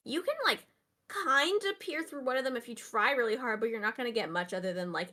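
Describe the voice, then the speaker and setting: Higher-voiced woman running a tabletop game. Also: lively intonation, fairly quick, sharp tone. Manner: casual, friendly, with many fillers. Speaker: game master.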